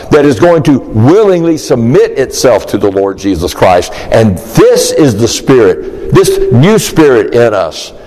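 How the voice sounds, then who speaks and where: A man preaching an expository sermon, emphatic and animated, acting out the disciples' questions. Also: medium pitch, long reverb tail, rough recording.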